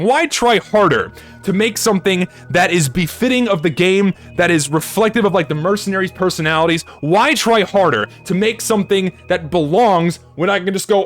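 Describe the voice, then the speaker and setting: A man's voice: sits high, big pitch swings, fairly quick, faint music behind. A man giving a blunt, swear-heavy game review, talking emphatically. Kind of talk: ranting review commentary.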